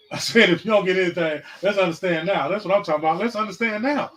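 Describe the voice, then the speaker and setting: Excitable high-voiced man in his forties. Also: quick pace, poor audio. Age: 40s. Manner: excitable, breaks into loud hyped bursts, profane, addresses listeners directly. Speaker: podcast host. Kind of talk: casual preachy podcast monologue.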